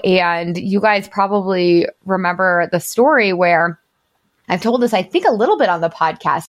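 A woman in her thirties who hosts a podcast and works as a coach tells her story candidly and casually, with plenty of "like" fillers and some swearing. Her voice is fairly low and her speed normal.

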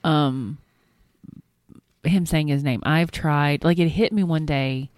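A woman's voice: low voice, slow pace, darkish tone, no echo, clean studio sound. A woman co-hosting a podcast in casual chat, a chatty, rambling storyteller who swears casually. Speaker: podcast co-host.

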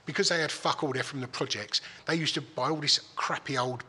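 A man's voice: mid-range voice, a little fast, sharp tone, slightly rough. A man telling a story in casual chat, swearing freely and restarting his sentences. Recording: long hall reverb.

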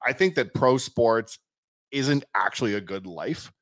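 A man's voice: medium pitch, a little slow, no room sound, clean studio sound. A man hosting a podcast, telling stories in casual chat and acting out quotes. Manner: animated storytelling with acted quotes. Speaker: podcast host. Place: studio.

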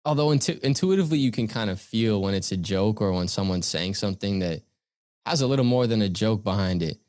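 A young man from Canada, a guest speaker, recounting personal experiences in an earnest, measured way. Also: on the low side, animated, darkish tone, dry recording, studio quality. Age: young adult. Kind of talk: reflective storytelling in conversation.

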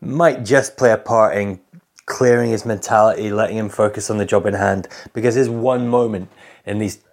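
A man's voice: lowish voice, fairly even intonation, moderate pace. A man hosting an interview, building long, thoughtful questions for his guest. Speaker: podcast host.

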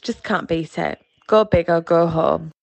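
A woman calling in to a podcast with a recorded listener message, relaxed and chatty. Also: lowish voice, unhurried, vocal fry, no echo. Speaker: caller.

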